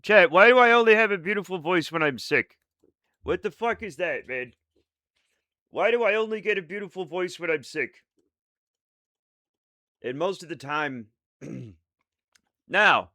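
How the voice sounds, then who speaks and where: A man with a fairly high, bright voice, chatting to his stream in a rambling, excitable and self-mocking way. His pitch swings widely, and the sound is dry and close. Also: unhurried, long pauses, dry recording. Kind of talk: casual live-stream chat with viewers.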